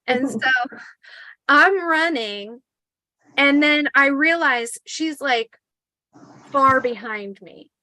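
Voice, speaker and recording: A woman in her forties telling a spooky personal story in a casual, animated way, swearing and acting out the quotes. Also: high voice, takes it slowly, no echo, poor audio.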